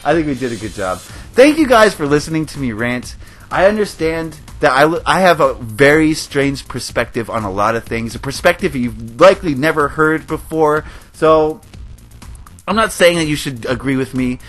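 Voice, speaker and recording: A man's voice: a little high, animated, moderate pace, a bit bright, faint music behind. A man hosting a gaming video, giving a passionate, emotional rant to his viewers. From United States. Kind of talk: ranting commentary over gameplay.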